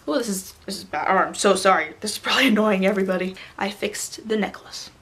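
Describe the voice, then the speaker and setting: A young adult woman vlogging to a camera on a tripod, rambling excitedly in a casual fan rant. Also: medium pitch, brisk.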